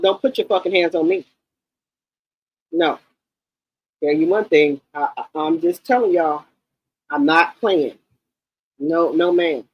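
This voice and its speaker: A woman's voice: fairly low pitch, husky, dry recording, dull audio. A woman in her fifties giving blunt, emphatic livestream commentary and often repeating her words. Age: 50s. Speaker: livestream host.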